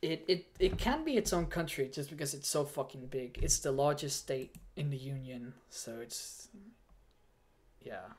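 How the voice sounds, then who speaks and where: A man's voice: medium pitch, lively intonation, unhurried, a little mellow. A man chatting casually on a livestream, hot and a little out of it inside a fursuit. He rambles and stammers through restarts, thanking donors in an easygoing way. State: overheated in a fursuit, mentally foggy. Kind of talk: casual livestream chat, reading donations.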